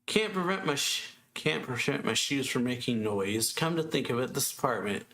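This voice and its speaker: A man reading out the lines of a cold, vengeful teenage boy from a manga, in a flat, slightly raised voice. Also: moderate pace. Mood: calm, scheming. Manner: reads quoted dialogue flatly, slightly higher than his narration. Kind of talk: reading manga dialogue aloud.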